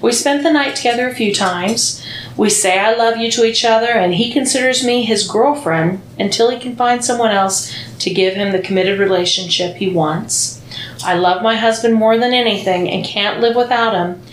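A woman's voice: fairly high pitch, normal speed. A woman co-hosting a podcast, chatting casually and reading listener comments aloud, blunt and profane, laughing often. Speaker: podcast co-host. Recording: echoey room with faint noise.

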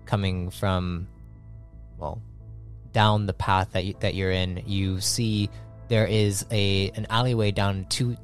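A man narrating as game master of a tabletop game, halting and repeating words as he goes. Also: low-pitched.

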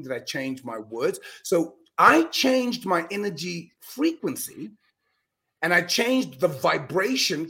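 A middle-aged man speaking as a guest on an interview podcast. He talks in an emphatic, earnest way, with quick restarts and repeated words. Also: sits high, pushed and bright. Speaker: guest speaker on mind power. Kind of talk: animated storytelling in a podcast interview.

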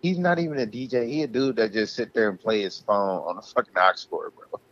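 Low-voiced man on a profane rant. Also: brisk, fairly bright tone, dull audio. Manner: profane, heated, ranting. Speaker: podcast co-host. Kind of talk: casual ranting chat.

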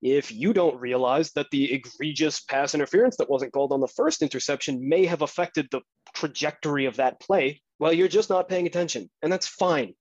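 A man's voice: medium pitch, no room sound, highs cut off. A man hosting a podcast, delivering a blunt, profane, combative sports rant. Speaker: podcast host.

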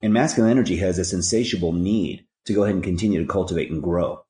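Deep-voiced man giving earnest life advice. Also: quick pace, mellow, echoey room. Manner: earnest, preachy, uses rhyming catchphrases. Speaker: podcast guest. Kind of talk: conversational storytelling and life advice.

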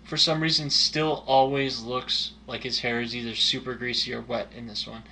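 A man's voice: medium pitch, level tone, normal speed, pushed and bright, a little hiss or hum. A man co-hosting a casual movie chat, giving dry, teasing, opinionated takes. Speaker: podcast co-host.

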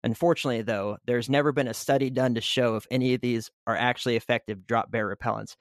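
A man's voice: medium pitch, fairly even intonation, fast, no echo, clean studio sound. A man hosting a casual podcast who reads a written segment aloud and then riffs on it loosely, with lots of "you know" fillers. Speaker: podcast host.

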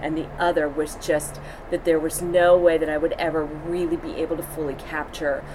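A woman stage actor telling a lively anecdote in an interview, acting out the quotes as she goes. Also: low-pitched, normal speed. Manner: lively storyteller, acts out quotes. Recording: noisy background hum.

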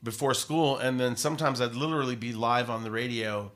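A man, a radio host and podcaster, telling stories in a casual interview, rambling and animated with many fillers. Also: medium pitch, a little fast.

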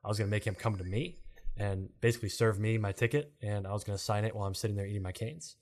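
A man with a lowish voice talks quickly in a casual podcast chat. He stays calm and rambles, leaning on fillers like "you know" and "like". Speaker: podcast co-host and co-founder.

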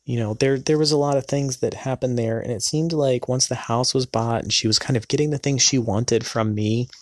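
A man telling a personal story in a hesitant, earnest way, pausing often with filler sounds. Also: medium pitch, fairly even intonation, no echo, studio quality. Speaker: person recounting a past marriage.

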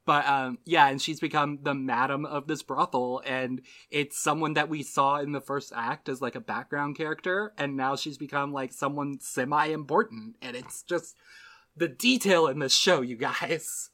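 Man, bright tense tone, mid pitch, chatty recap full of asides. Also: steady tone, normal speed. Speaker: podcast co-host. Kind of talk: casual show recap.

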